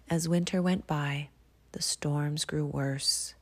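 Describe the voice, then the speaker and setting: Slow, husky woman reading a storybook. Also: deep voice, fairly even intonation. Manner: slow, hushed, often whispered. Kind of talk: soft-spoken storybook reading.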